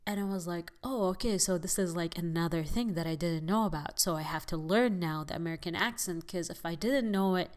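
A woman's voice: on the low side, fairly quick, hardly any pauses. A young adult woman from the United Arab Emirates hosting a podcast, talking casually to her listeners and often using fillers like "like" and "you know". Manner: chatty, addresses listeners as guys, frequent fillers. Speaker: podcast host.

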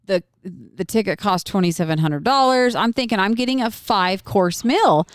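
A young woman hosting a podcast, telling a story in casual chat, animated and profane, laughing often. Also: mid-range voice, moderate pace, dry recording, clean studio sound. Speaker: podcast co-host.

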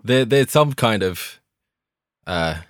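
Podcast co-host, young adult male, low-pitched, deadpan, stumbling delivery, dry mic. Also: slow, dry recording. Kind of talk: casual chat.

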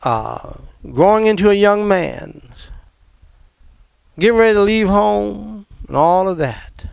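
A middle-aged man from the American South telling a personal family story in an emphatic, animated way. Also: high voice, slow pace, gravelly, smooth, dry recording, muffled recording.

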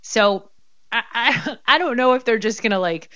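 A woman's voice: a little high, normal speed, sharp tone, dull audio. A woman co-hosting a radio show, speaking in a wry, teasing way. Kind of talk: casual studio banter.

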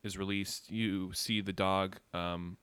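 Deep-voiced male game master, slow and vivid, clear tone. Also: flat delivery, fairly bright tone, no room sound. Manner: unhurried, vivid scene-setting with many fillers. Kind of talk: narrating a tabletop game.

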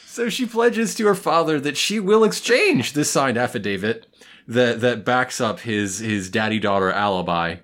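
Podcast co-host, male, wry and quippy, animated pitch, casual recap talk. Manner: wry, jokey asides with quick quips.

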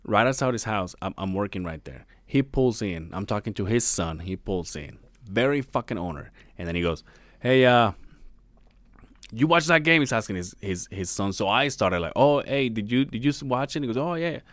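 Animated, foul-mouthed man telling a story. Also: on the low side, normal speed, no room sound. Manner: profane, animated, swears a lot. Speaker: podcast co-host; construction worker. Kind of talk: casual storytelling chat.

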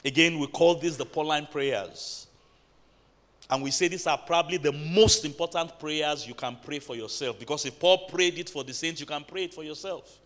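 A man's voice: fairly high pitch, moderate pace, a bit bright. A man preaching a sermon in a church, building to emphatic bursts and calling out to the congregation. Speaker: pastor.

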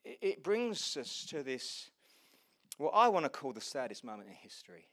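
A man's voice: medium pitch, sing-song. Impassioned male preacher. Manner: impassioned preaching that swings from loud exclamations to hushed, slow passages; earnest and personal, speaking directly to the congregation. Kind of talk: sermon.

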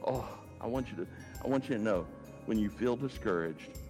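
A man giving a conversational sermon, repeating phrases for emphasis and swinging between loud and hushed delivery. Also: fairly low pitch, animated, fairly quick, faint music behind. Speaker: pastor. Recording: long reverb, faint background noise.

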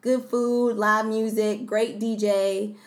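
Speaking slowly in a mid-range voice with little pitch movement, this young woman co-hosts a podcast. Her talk is casual and chatty, full of stories and quick laughter.

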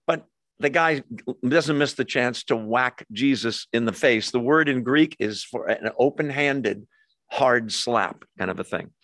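A man of ordinary pitch leads a Bible study, walking through the text verse by verse. He talks it over casually, stopping for asides and fixing his own slips as he goes. The sound is close and dry. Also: unhurried, fairly bright tone, no room sound. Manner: explains verse by verse, asides and self-corrections. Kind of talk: conversational scripture teaching.

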